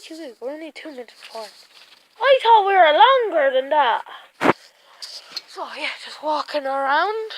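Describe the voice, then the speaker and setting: A very high, bright voice that bounces all over its range, belonging to a woman vlogging at home. She giggles constantly and chats excitedly to her dogs. She takes her time, with an unhurried pace. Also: noisy background. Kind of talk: casual home vlog.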